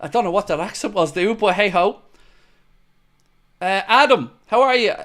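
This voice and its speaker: A man's voice: sits high, animated, normal speed, a bit bright. A young man hosting a live football fan show, reacting to the match and reading viewer comments in blunt, matey banter.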